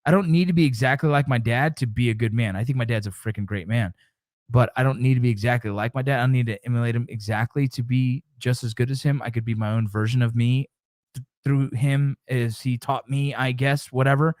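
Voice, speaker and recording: A man's voice: medium pitch, fairly even intonation, a little fast, darkish tone, no echo, clean studio sound. A man in his forties hosting a casual livestream chat, talking emphatically, repeating himself and swearing casually. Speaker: show host.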